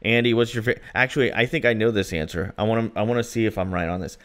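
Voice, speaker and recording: A man's voice: lowish voice, fairly even intonation, quick pace, a bit bright. A man co-hosting a podcast, chatting casually and telling rambling stories with plenty of fillers. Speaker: podcast co-host.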